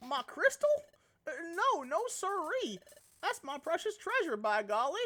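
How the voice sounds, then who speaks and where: A woman's voice: very high voice, very animated, measured pace, fairly bright tone, voice pushed up, heavily acted. A woman voicing a simple, folksy male beaver-like creature who drawls out old-fashioned exclamations. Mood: protective.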